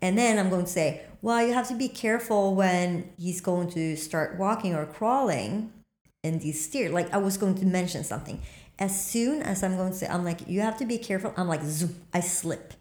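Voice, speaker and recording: A woman with a somewhat low voice tells a story in casual talk, animated and quick to act out her own reactions. The room echoes around her. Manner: animated, acts out quotes with sudden high squeaks.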